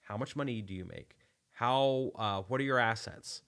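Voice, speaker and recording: A man's voice: mid-range voice, normal speed, a bit bright, clean tone. A man hosting a casual livestream, talking in a rambling, enthusiastic way with many restarts. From United States. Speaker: channel host.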